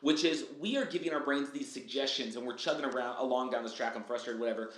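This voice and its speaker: A man speaking as a podcast guest, upbeat and animated, acting out his own quotes and often asking "right?" and saying "dude.". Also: medium pitch, quick pace. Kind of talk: casual podcast chat. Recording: echoey room.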